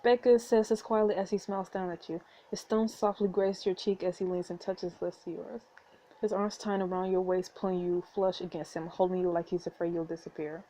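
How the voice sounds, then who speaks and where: A woman's voice: on the low side, little pitch movement, brisk, mellow, slight background noise. A woman hosting a let's play, reading a story game aloud and reacting with giggly asides.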